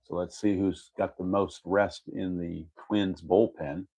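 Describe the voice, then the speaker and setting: A man's voice: low-pitched, steady tone, measured pace, warm tone. A man narrating his tabletop baseball game replay in a casual play-by-play, methodically reading out dice rolls and chart results and correcting himself as he goes.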